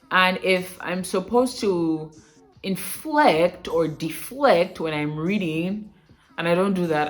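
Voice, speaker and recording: A young woman from Nigeria with a Nigerian accent, coaching viewers on pronunciation in a casual, emphatic, animated way. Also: on the low side. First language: Bini. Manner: animated, emphatic, repeats words for correction. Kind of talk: casual talking-head lesson.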